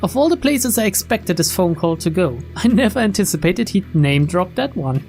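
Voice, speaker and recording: A man's voice: sits high, sing-song, normal speed, vocal fry, darkish tone, soft background music. A man hosting a let's play who reads game text aloud and adds dry, profane asides. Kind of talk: reading game text and commenting.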